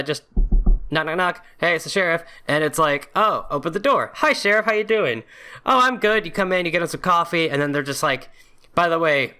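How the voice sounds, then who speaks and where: A man's voice: mid-range voice, pushed and bright. A young man casually commenting on a video game, reading its text aloud, joking sarcastically and swearing often. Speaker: video game let's play host.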